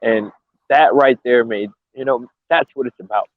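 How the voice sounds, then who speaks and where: A man's voice: medium pitch, normal speed, dry recording. A man who fights and coaches, speaking earnestly and a little emotionally, often restarting his sentences. He comes through a tinny, phone-like video call line with a dry sound. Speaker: bare-knuckle fighter and coach. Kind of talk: casual interview.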